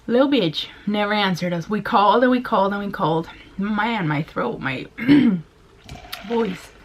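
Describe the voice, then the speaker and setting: A woman's voice: medium pitch, unhurried, slight background noise. A young woman from Mexico telling a rambling, casual story while eating, swearing freely and laughing now and then. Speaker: vlogger.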